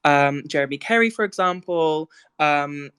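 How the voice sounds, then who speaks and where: Low-voiced British woman, chatty moderator. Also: measured pace, fairly bright tone, smooth. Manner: chatty, giggly, many fillers. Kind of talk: casual live audio chat. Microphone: remote audio call mic.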